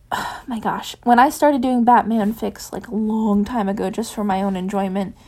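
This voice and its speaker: A woman reads a fan fiction chapter aloud in a soft, unhurried voice. Afterwards she drops into a casual, rambling chat with her listeners, full of ums. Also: medium pitch, fairly even intonation. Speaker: fanfiction reader. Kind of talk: audiobook narration of fan fiction.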